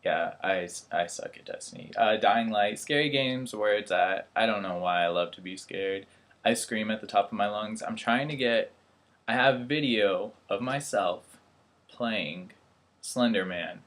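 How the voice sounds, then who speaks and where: A man's voice: on the low side, measured pace, fairly bright tone. A young man vlogging in casual chat, rambling and poking fun at himself. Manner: rambling, self-deprecating, laughs at himself. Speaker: vlogger, airman.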